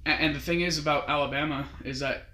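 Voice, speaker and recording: A man's voice: a little high, steady tone, fast talker, bright, forceful tone, a little hiss or hum. A young man casually telling a long story as a guest. He rambles and keeps quoting others with "he's like". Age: young adult. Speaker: guest recounting his mission. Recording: roomy echo.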